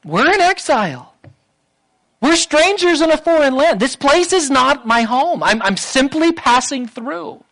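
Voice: sits high, very animated, unhurried, a bit bright, poor audio. A preacher delivering a sermon with emphatic delivery, repeating phrases and building to raised intensity.

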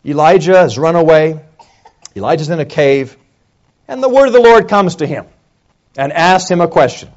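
Animated male preacher, lo-fi sound. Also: moderate pace, long pauses. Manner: swings from quiet low stretches to raised, emphatic lines. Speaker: pastor. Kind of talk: sermon.

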